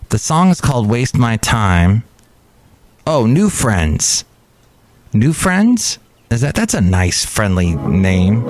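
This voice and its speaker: A man's voice: on the low side, darkish tone. A man hosting his own podcast, chatting casually and rambling from one aside to the next. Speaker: podcast host. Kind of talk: casual solo podcast chat.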